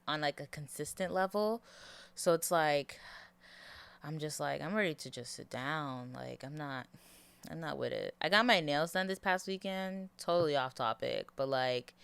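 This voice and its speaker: A woman's voice: deep voice, fairly bright tone, clean tone. A tired young woman hosting her solo podcast from her bed, rambling and laughing, holding the mic close to her mouth. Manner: chatty, rambling, laughs often. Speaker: podcast host. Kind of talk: casual solo podcast chat. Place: in bed at home. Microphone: handheld mic held close to mouth.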